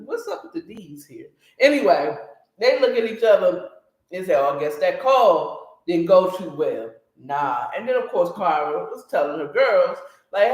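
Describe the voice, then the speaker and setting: A woman's voice: fairly low pitch, a little slow. A woman casually recapping a story with blunt, opinionated commentary, talking straight to her listeners. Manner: animated, blunt and opinionated, talks to listeners directly. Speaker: book recap host. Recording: roomy echo.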